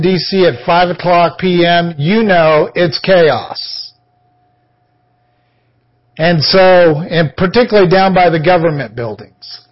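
A high-voiced man shares his personal testimony while preaching on a podcast, bringing it to life by imitating the voices of the people he quotes. His animated storytelling comes through a muffled recording.

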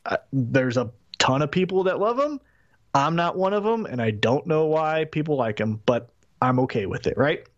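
Male co-host, animated chat, lively swings in pitch, muffled lo-fi sound. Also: normal speed. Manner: animated, acts out quotes with big pitch jumps. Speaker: podcast co-host. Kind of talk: casual podcast chat.

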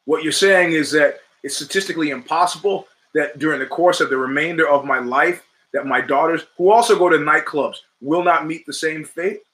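A man's voice: fairly high pitch, brisk, few pauses, fairly bright tone. A middle-aged man hosting a podcast, delivering an opinionated monologue with emphatic, rhetorical phrasing and repeated lines for effect. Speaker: podcast host.

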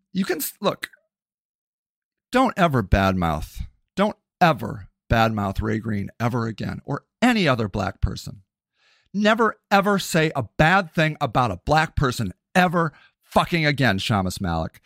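A man hosting a podcast, delivering a heated, profane rant and shouting often between the clips he plays. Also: medium pitch, very animated, measured pace, creaky, pauses often, no room sound, studio quality. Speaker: podcast host.

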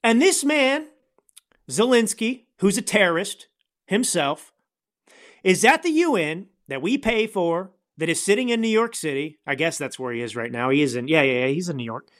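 A man's voice: high-pitched, animated, moderate pace, a bit bright. A man hosting a podcast, delivering angry, sarcastic political commentary in a ranting manner. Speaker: podcast host.

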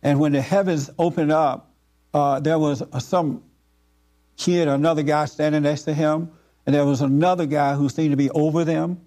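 A man giving an informal spiritual talk to a group, earnest and repetitive, with frequent halting fillers. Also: fairly high pitch, fairly even intonation, mellow.

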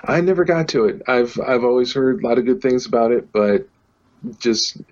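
A man's voice: medium pitch, lively intonation, moderate pace, darkish tone, lo-fi sound. A man co-hosting a podcast, chatting casually and stumbling over words as he thinks. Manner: hesitant, repeats words while thinking. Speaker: podcast co-host. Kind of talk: casual chat.

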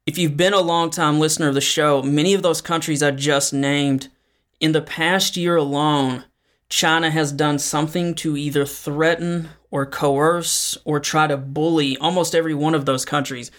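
A man's voice: on the high side, fairly even intonation, normal speed, fairly bright tone. A man hosting a solo podcast, explaining current affairs in a conversational way with frequent fillers. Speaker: podcast host. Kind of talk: solo news commentary podcast.

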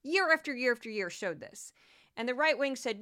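A woman hosting a political commentary podcast, talking in an animated, indignant way and rattling off long lists with ums and uhs. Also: on the high side, moderate pace. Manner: animated, gets worked up and indignant. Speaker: podcast host.

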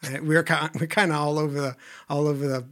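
A man hosting a podcast interview, speaking earnestly and often dropping to a quiet voice. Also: fairly high pitch, steady tone, fast talker. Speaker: podcast host. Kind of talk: conversational interview.

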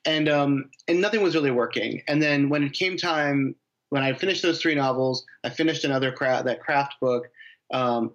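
A man's voice: mid-range voice, fairly bright tone, highs cut off. A man, a novelist from the United States, answering interview questions in a rambling way, with many restarts and fillers. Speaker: novelist guest.

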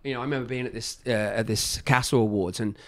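An English man speaking as a guest on a podcast, telling stories in an animated way and acting out the voices of other people. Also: mid-range voice, fast. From England. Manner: animated, acts out quoted voices. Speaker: guest, skateboard company founder. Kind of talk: casual podcast storytelling.

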